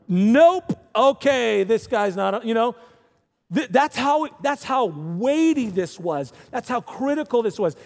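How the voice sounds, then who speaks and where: A man preaching a sermon in a casual, animated way, with slangy asides to the congregation. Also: sits high. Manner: casual, animated, says dude and bro. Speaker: pastor. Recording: long hall reverb.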